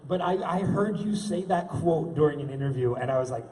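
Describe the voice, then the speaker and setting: A man's voice: on the high side, a little fast, darkish tone. A man moderating a convention panel, an eager, chatty fan asking the guest questions. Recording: echoey hall from far off.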